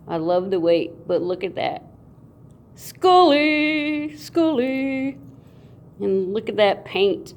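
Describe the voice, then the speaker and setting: A woman hosting a casual unboxing video, playful and goofy, with sound effects and drawn-out, excited remarks. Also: on the low side, creaky. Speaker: coin channel host.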